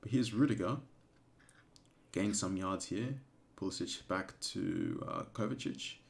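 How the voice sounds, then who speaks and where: A man giving casual live commentary during a watch-along stream, excitable and emotional, breaking into shouts at big moments. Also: deep voice, a little slow, gravelly. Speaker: fan streamer commentating a match.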